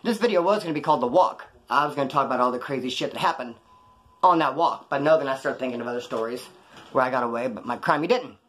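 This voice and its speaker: A man's voice: mid-range voice, fast, fairly bright tone. A middle-aged man, a former prisoner, telling a crime story in casual, profane street slang, rambling between asides. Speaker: ex-convict storyteller.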